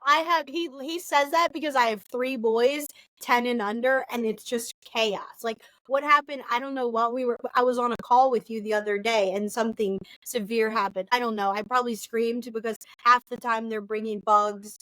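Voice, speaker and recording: A woman in her thirties chats as a podcast co-host, acting out quoted lines with lively energy. Her voice sits a little high, and the recording is dry and close. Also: moderate pace, no echo, low-quality recording. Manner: animated storyteller, acts out quoted lines. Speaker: podcast co-host, nurse trainer. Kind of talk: casual conversation.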